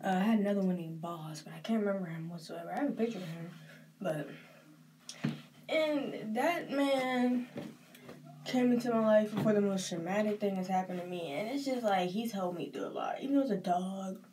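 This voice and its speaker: A young Southern US woman chats while she gets ready, rambling and filling her talk with "like." Her voice is of middle pitch and comes from a little way off the mic, as if from a phone set up across the room. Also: moderate pace, recorded from a distance, noisy background. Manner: rambling and emotional, often says "like". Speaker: vlogger. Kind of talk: casual chat while getting ready.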